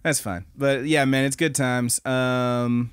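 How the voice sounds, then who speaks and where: Young male podcast co-host, mid pitch, dry close mic, excitable and profane. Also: takes it slowly, smooth, no room sound. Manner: excited, laughing, swearing storyteller. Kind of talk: casual anime podcast chat.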